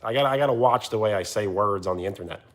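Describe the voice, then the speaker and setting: A man live streaming, chatting casually and answering viewers' comments in an animated, teasing way. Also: rapid-fire. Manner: animated, teasing, often jumping higher in pitch.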